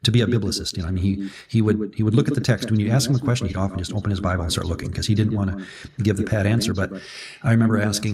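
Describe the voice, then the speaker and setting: A man from Minnesota talks through a Bible passage in a relaxed, chatty way, wandering into side stories and correcting himself as he goes. His voice sits fairly low. He sounds a little distant from the microphone. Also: very fast. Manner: rambling, chatty storyteller with self-corrections. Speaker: Bible study co-host. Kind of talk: conversational Bible discussion.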